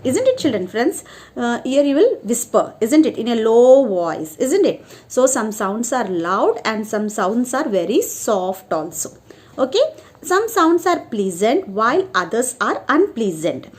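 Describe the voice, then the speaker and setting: A woman's voice: fairly high pitch, sing-song, a little slow. A young woman teaching an online class to children, in a sing-song way, often asking "isn't it?". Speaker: schoolteacher.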